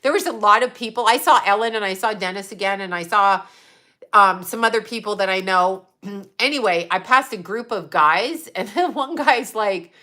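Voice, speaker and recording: Blunt, bright-voiced woman in her fifties. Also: mid-range voice, normal speed. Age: 50s. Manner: blunt, profane and sarcastic, laughing often. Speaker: psychic medium and livestream host. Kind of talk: casual livestream chat answering viewers.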